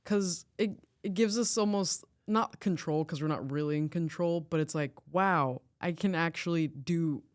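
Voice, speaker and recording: A woman with a smooth, clear voice hosts a casual podcast interview. She talks enthusiastically and supportively, with relaxed slang and swearing. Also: deep voice, moderate pace, few pauses, dry recording, studio quality. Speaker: podcast host.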